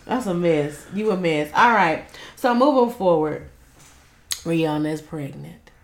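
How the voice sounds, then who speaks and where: Lively teasing woman, echoey room. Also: on the low side, a little slow. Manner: teasing, laughs a lot, lively delivery. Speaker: co-host. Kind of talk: casual gossip chat. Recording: echoey room with faint noise.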